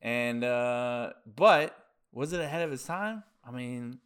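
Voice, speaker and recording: A man's voice: medium pitch, expressive, takes it slowly, a bit bright, clean tone. A man co-hosting a casual podcast, laid-back and hesitant as he weighs his opinions. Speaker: podcast co-host.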